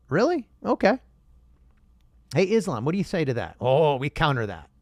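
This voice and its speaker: An animated man delivering a rhetorical monologue straight to his viewers, his pitch swinging widely. The sound is dry and close. He throws in an occasional curse word. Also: no echo. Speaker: host. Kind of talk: casual monologue.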